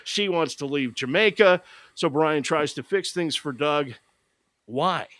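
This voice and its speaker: A man's voice: fairly high pitch, a little slow, a bit bright, dry recording. A man hosting a podcast, recapping a movie in a casual, sarcastic, mocking way. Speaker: podcast host.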